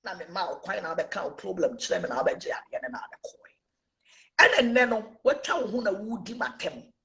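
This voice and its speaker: A woman with a Ghanaian accent in an animated, mocking rant, laughing mid-sentence and switching between languages. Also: medium pitch, brisk, gravelly.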